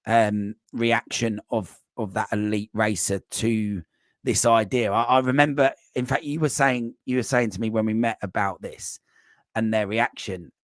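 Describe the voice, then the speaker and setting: A man with a low voice hosts a podcast and asks long, winding questions, restarting often and filling gaps with "um." He is recorded close and dry. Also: steady tone, moderate pace, no room sound. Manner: rambling questions with many restarts and ums. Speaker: podcast host and coach. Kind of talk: casual podcast interview.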